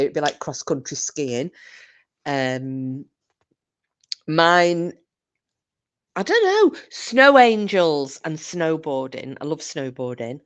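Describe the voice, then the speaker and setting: A woman, chatting casually with her viewers on a live stream and telling rowdy drunken stories with plenty of swearing. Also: low-pitched.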